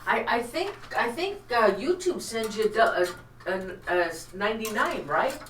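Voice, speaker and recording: A woman's voice: a little high, animated, normal speed, a bit bright. A woman joins a casual live-stream chat, speaking hesitantly with stammers. She sits away from the mic in a roomy, echoing space, with faint noise behind her. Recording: echoey room heard from a distance.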